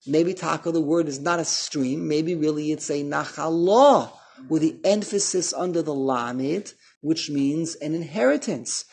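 A man's voice: a little high, normal speed, vocal fry, hardly any pauses, a little mellow, breathy edge. A man teaching a line-by-line text study. He reads passages with a pronunciation, explains them in English, and often stops to repeat words. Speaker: Torah teacher.

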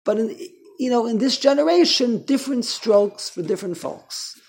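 A man's voice: extremely high pitch, expressive, normal speed, vocal fry, a little mellow, breathy edge. A man teaching an informal Torah class, chatty and rambling, often restarting his sentences. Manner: rambling, self-interrupting, frequent restarts. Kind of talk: informal Torah lecture to a small group.

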